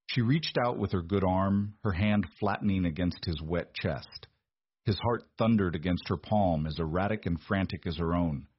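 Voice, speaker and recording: A man narrating a romance novel in a steady, measured delivery. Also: fairly low pitch, breathy edge, no echo. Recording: dull, dry lo-fi recording.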